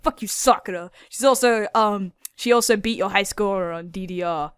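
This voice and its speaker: A woman hosting a casual video, rambling excitedly about anime characters, swearing a lot and using many fillers. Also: mid-range voice, normal speed, clean tone, dry recording, clean studio sound. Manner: filler-heavy. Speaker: video host.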